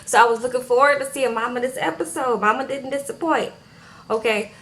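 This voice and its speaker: Chatty woman recapping a show, higher voice. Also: brisk, fairly bright tone. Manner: chatty retelling, acts out quotes, tags sentences with "okay?". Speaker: reality TV recap vlogger. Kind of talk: casual episode recap.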